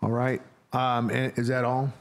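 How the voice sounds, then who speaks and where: A man's voice: medium pitch, completely flat delivery, a little slow. A man presiding over a public board meeting, moving through agenda items in a procedural way, with frequent fillers.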